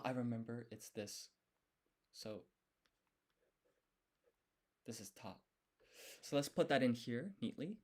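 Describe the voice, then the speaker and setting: Speaking at a measured pace with frequent pauses, this man has a medium-pitched voice. He's a language learner streaming his study time, talking through every step and testing himself in a low mutter.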